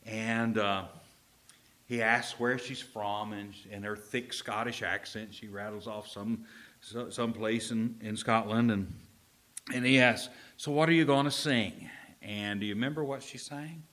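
A male pastor preaching a sermon in church. He tells the story with jokes and swings between loud and hushed delivery. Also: fairly low pitch, steady tone, unhurried. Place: church service.

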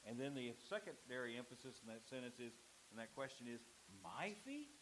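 A man preaching a sermon as pastor, with emphatic delivery, dramatic pauses and acted-out quoted lines. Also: mid-range voice, little pitch movement, slight background noise, rough recording.

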